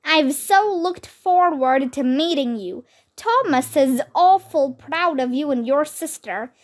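A woman voicing a kind frontier stepmother who greets her new family warmly, read from a children's book. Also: sits high, slow pace. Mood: welcoming.

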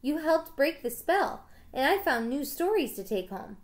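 A woman reading as a friendly ten-year-old apprentice boy from a storybook, eager and cheerful. The voice is fairly high. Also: very animated, unhurried.

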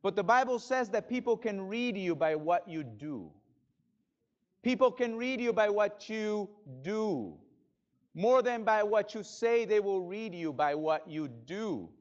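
A male pastor preaching a sermon in a church, dramatic, swinging from loud bursts to hushed drops. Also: high voice, lively intonation, measured pace, dull audio. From Spanish-speaking background. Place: church sanctuary.

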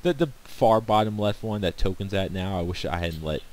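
Low-voiced, laid-back young male co-caster. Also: lively intonation, a little mellow, a little hiss or hum. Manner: laid-back, self-deprecating, quick to laugh. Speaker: co-caster and player. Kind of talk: casual game commentary.

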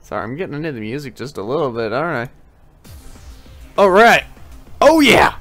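A man casually commenting on his gameplay, rambling and excitable, swearing at enemies. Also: fairly high pitch, moderate pace. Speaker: gaming channel host. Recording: faint game music behind. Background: game music.

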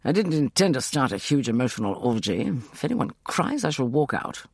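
A man voicing a sardonic, grey-haired gentleman spy who snaps curtly and scornfully. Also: medium pitch, sing-song, a little fast, no echo, studio quality. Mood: angry. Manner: scornful, curt.

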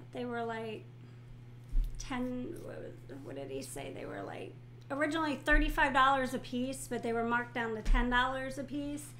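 A woman co-hosting, telling a story in casual chat, hesitant and filling pauses with "uh" and "like". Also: on the high side, sharp tone, slight background noise. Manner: hesitant, trailing off with fillers. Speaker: co-host.

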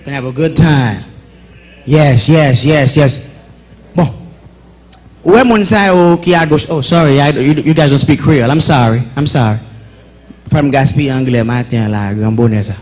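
A man giving a joking church welcome that swings into shouted preaching, bantering with the congregation. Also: medium pitch, moderate pace, long pauses.

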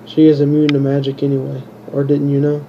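A man reading the lines of a gleeful, mischievous imp in his own flat reading voice. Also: a little high, a little fast, dull audio, slight background noise, natural voice. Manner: plain, barely changed reading voice.

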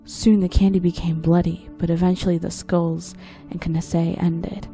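Woman, creepy story narration, low voice, gravelly fry, dark tone. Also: level tone, normal speed, soft background music. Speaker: story reader.

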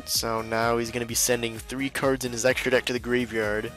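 A man's voice: mid-range voice, level tone, brisk, fairly bright tone, soft background music. A man commentating a card game video in a casual, exasperated and sarcastic way, laughing often. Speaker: video host and duel commentator.

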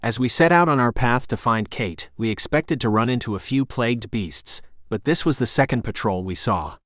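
Male audiobook narrator, mid-range voice, steady and gritty first-person reading, dry close recording. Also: medium pitch, normal speed, dry recording.

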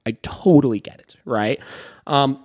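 This young man hosts a dog training podcast, speaking at medium pitch in an unhurried, slightly mellow voice. He explains things emphatically and casually, frequently tossing in "right?" and the occasional swear word.

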